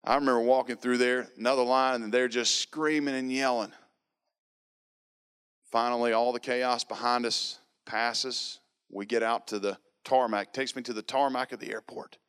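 Man, pastor, sermon testimony, emphatic repetitive storytelling, resonant voice, mid pitch. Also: steady tone, normal speed, a bit bright, smooth.

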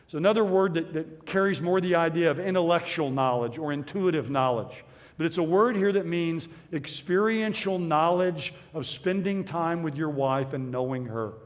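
A middle-aged man preaching a sermon in a church, earnest and measured, repeating his key phrases. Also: a little high, long reverb tail. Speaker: pastor.

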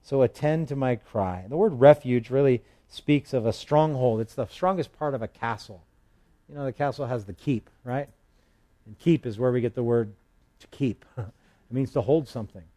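Guy preaching a bible study, warm mellow tone, chatty, leans into the verses. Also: mid-range voice, moderate pace. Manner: conversational, reads scripture aloud with emphasis, light humor. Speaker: pastor. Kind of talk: expository Bible teaching.

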